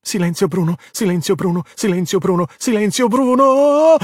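A man voicing a timid, curious young sea-monster boy who grows excited, in a storybook reading. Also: fairly high pitch, a little fast, no echo, studio quality, pitched above the performer's own voice. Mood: panicked. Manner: anxious, then excited and yelling.

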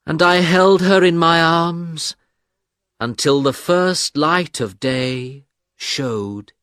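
A man reading a story aloud as narrator, in a slow, dramatic storytelling manner. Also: fairly high pitch, a bit bright, no room sound, studio quality. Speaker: audiobook narrator. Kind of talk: scripted narration.

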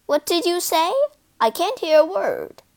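A woman's voice: very high-pitched, animated, a little slow, a little mellow, voice pushed up, heavily acted. A woman voicing a distracted grown man who owns a fairground ride, in a storybook reading, making offhand, dismissive remarks. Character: gruff distracted grown man, ghost train owner.

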